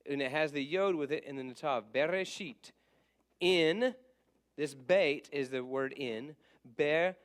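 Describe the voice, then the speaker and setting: A man with a fairly high voice leads a casual lesson. He asks the class questions and then answers them himself. He stays patient and apologizes when he trips over his own material. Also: fairly bright tone, smooth. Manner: patient, stops to fix slips and apologizes. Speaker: teacher.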